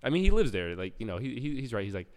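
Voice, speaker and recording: A man speaking rapid-fire in a mid-range voice spins a lengthy story during casual conversation at a live podcast show in a hall, where the sound echoes. He animates the tale by loudly performing the voices of people he quotes.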